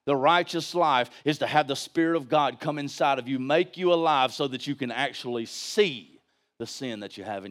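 Pastor on a church stage, high voice, preaching with fire and hushed asides, lots of repeats and rhetorical questions. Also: male voice. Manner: emphatic preaching, swings from shouting to hushed. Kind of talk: sermon.

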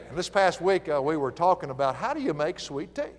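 A man's voice: on the high side, brisk, big-room sound. A man with a Southern US accent preaching a folksy sermon, telling stories and chuckling as he teaches. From American South. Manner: folksy, animated storytelling with chuckles.

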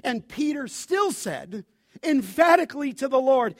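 Man, pastor, animated sermon, call-and-response questions, very high pitch, dry close mic. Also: measured pace, dry recording. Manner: animated preaching, asks the congregation to fill in words.

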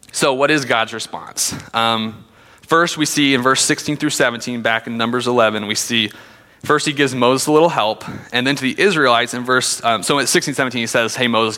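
A man's voice: medium pitch, pushed and bright, long reverb tail. A man teaching from the Bible in a conversational sermon, reading passages aloud with frequent fillers.

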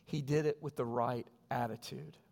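A man, a pastor, preaching a sermon with animated storytelling. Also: mid-range voice, normal speed, gravelly. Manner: animated storytelling, voices quoted people. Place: church sanctuary. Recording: long reverb of a church hall.

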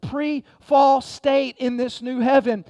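High-voiced pastor preaching. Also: male voice, fairly even intonation, slow pace, darkish tone, no room sound. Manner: impassioned preaching, reads scripture aloud, repeats "man". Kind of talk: sermon.

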